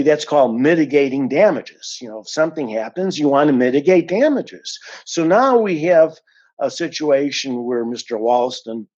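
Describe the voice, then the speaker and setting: A man's voice: medium pitch, darkish tone, muffled recording. A man giving an indignant, emphatic account of a complaint as an unhappy client, stressing and repeating his points. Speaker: dissatisfied client giving a review.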